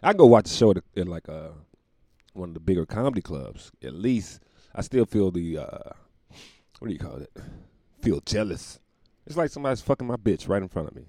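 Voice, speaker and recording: A man's voice: low-pitched, big pitch swings, brisk, mellow, no room sound, clean studio sound. A young man hosting a podcast from home, telling stories in a loose, profane, laughing way. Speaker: podcast host. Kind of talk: casual comedic storytelling monologue.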